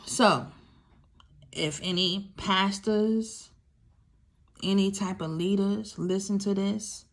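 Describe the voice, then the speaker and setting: A young survivor of domestic violence speaks slowly in a mid-range voice with fairly even intonation. Frank and emphatic, she repeats important phrases and talks directly to those listening.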